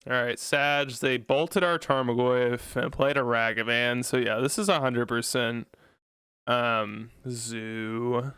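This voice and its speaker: A man commentating his own card game, pleading and groaning at bad luck with loud anguished outbursts. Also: mid-range voice, steady tone, slow pace, smooth, no room sound, studio quality. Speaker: gameplay commentator.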